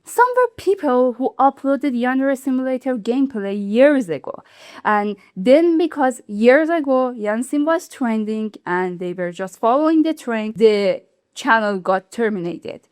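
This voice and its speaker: Animated woman host, fairly high voice. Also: no echo, clean studio sound. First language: not English. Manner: animated, indignant explaining with laughs. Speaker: YouTube channel host. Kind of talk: video commentary.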